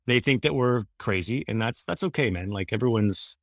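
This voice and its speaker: A man's voice: mid-range voice, lively intonation, normal speed, dry recording, studio quality. A man in his thirties talking casually as a guest, earnest and rambling, often restarting his sentences. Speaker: guest, former radio host. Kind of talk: casual conversation.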